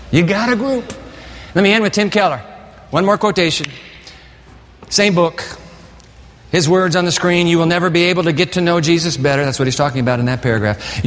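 Male pastor, fired-up exhorting sermon delivery, slightly raised pitch, reverberant sanctuary sound. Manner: energetic, exhorting, rising to high excited peaks. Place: large church sanctuary. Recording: long reverb of a large hall.

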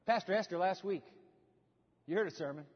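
High-voiced man preaching in a reverberant hall. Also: brisk, husky. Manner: animated storytelling, asks the congregation questions. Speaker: pastor. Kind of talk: sermon. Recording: dull sound with long hall reverb.

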